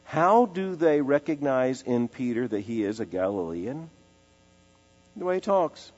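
A man preaching an expository sermon, emphatic, repeating phrases and slowing down to give them weight. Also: medium pitch, lively intonation, a little mellow. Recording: dull lo-fi sound in a large reverberant hall with faint music.

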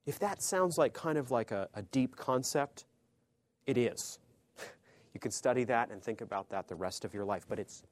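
A man teaching a sermon in a conversational way, swinging between emphatic, loud phrases and hushed, low asides, often checking in with his listeners. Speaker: pastor or Bible teacher.

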